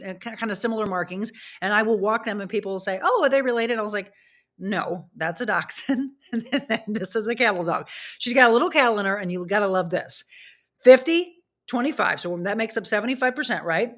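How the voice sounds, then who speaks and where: Chatting loosely with her livestream audience, a middle-aged woman wanders from topic to topic and pauses to address her dogs. Her voice is mid-range and slightly bright.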